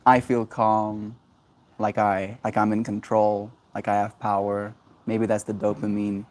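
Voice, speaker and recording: Man, stream host, casual chat, high, rambling, halting restarts. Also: level tone, a little mellow. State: high on cannabis. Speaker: livestream host.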